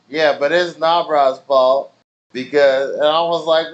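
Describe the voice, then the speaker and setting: A man's voice: a little high, a little slow, a bit bright, a little hiss or hum. A man streaming, telling rambling stories in loose slang with plenty of swearing. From family in Nigeria. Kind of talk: casual chat with stream viewers.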